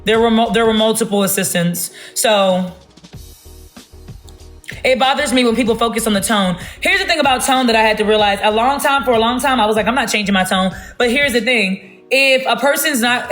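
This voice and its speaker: Woman ranting on a phone live, loud and blunt, kinda high voice. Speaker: livestreamer. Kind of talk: casual livestream rant.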